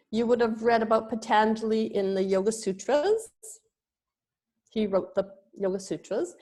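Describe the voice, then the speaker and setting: A woman's voice: medium pitch, darkish tone. A woman giving a presentation on yoga history, speaking with frequent ums and restarts. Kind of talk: slow spoken lecture with pauses.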